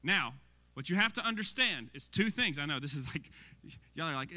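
Male pastor, bright forceful voice, conversational sermon, long hall reverb. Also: fairly high pitch, normal speed. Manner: animated, conversational, asks the audience questions.

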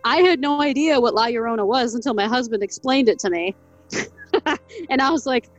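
A woman's voice: on the high side, brisk, muffled recording, faint music behind. A woman co-hosting a podcast, chatting casually and laughing often. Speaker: podcast co-host. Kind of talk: casual chat.

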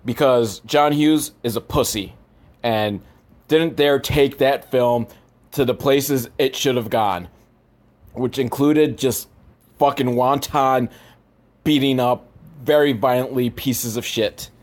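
A man recapping a movie in a sarcastic, profane and rambling way, with deadpan asides. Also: mid-range voice, slow pace. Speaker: movie reviewer.

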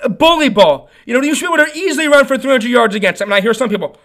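Opinionated young man with a gravelly voice. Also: extremely high pitch, lively intonation, racing, fairly bright tone. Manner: opinionated, rambling, lots of fillers and restarts. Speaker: podcast host. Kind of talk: casual sports podcast rant.

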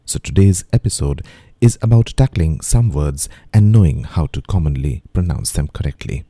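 Man, very low pitch, dark mellow tone, slow careful pronunciation lesson. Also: lively intonation, husky, dry recording, clean studio sound. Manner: careful, measured word-by-word delivery. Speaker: podcast host teaching pronunciation.

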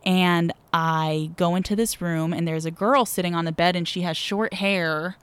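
A woman's voice: on the low side, fairly even intonation, normal speed, smooth, no room sound. A woman guest on a podcast, telling a personal story frankly and vividly, holding nothing back.

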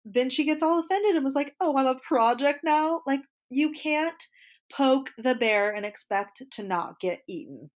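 A woman's voice: high voice, measured pace. Blunt, gossipy woman co-host. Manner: blunt, animated gossip with acted-out quotes. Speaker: podcast co-host. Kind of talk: casual chat.

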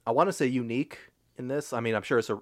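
A man's voice: mid-range voice, very fast. A young man hosting a casual movie podcast, talking enthusiastically and swearing freely. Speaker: podcast host. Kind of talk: casual chat.

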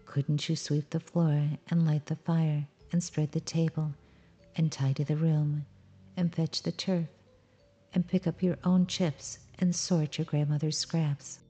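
Woman as a prim, teasing old owl in a storybook; low, even, soft. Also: unhurried, soft background music. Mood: firm. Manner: gently scolding, prim questions.

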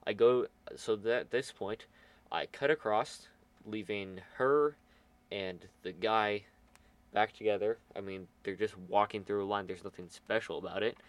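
Teen boy co-host, lowish voice, loose rambling chat. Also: a little slow. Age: teens. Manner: rambling, filler-heavy storytelling. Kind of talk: casual chat.

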